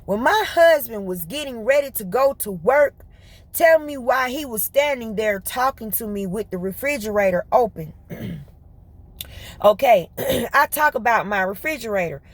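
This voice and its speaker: A vlogger with a slightly high voice tells her viewers a story in casual, colloquial chat. She's lively, speaks fast in bursts, and laughs often.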